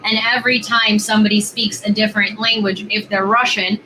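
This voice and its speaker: A woman's voice: mid-range voice, little pitch movement, fairly quick, bright, forceful tone, slight background noise, low-quality recording. A young woman vlogging in a casual, rambling way, full of fillers and repeated words as she chats with strangers. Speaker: video chat vlogger. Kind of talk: casual vlog chat.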